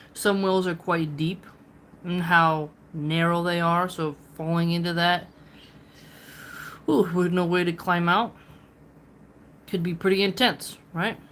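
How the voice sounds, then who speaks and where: Slow, reflective woman explaining a book. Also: lowish voice, fairly even intonation, slight background noise. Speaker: host reading and explaining philosophy. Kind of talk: casual read-along commentary.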